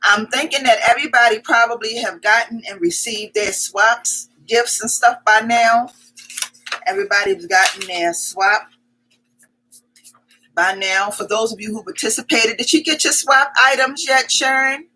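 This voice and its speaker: Woman livestream host, somewhat high and very bright voice, chatty, repeats her hellos and welcomes. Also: breathy edge, poor audio. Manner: chatty, repeats greetings and welcomes in quick strings; greets viewers by name as their comments arrive. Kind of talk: casual live-stream chat.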